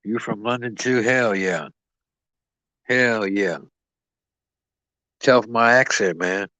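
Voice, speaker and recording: A man's voice: on the low side, slow, pushed and bright, no echo, poor audio. A man rambling and boasting as he stands in as host of a boxing live stream, swearing freely and talking to his chat.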